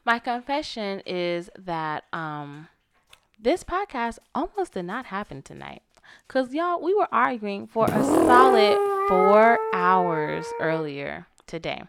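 A woman co-hosting a podcast, telling stories in an animated way and talking straight to her listeners. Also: medium pitch, slow, creaky, a little hiss or hum. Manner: animated storyteller who talks straight to the audience. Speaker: podcast co-host. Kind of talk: casual chat.

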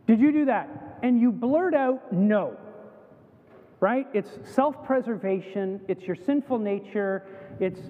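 A Canadian man preaching a sermon, telling stories and acting out the voices of the people in them. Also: sits high. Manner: animated storytelling, acts out quoted voices. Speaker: pastor. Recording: tinny phone-like sound in a reverberant hall.

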